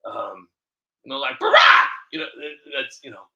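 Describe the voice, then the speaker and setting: A man's voice: medium pitch, huge pitch swings, normal speed, gravelly, sharp tone, highs cut off. A man hosting a casual comedy stream, rambling with lots of fillers and cursing. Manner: rambling, filler-heavy, profane.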